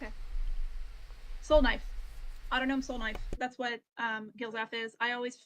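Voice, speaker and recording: A woman playing in a tabletop game, soft-spoken and trailing off. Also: a little high, flat delivery, moderate pace, slight background noise, poor audio. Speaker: player. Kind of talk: casual tabletop game chat.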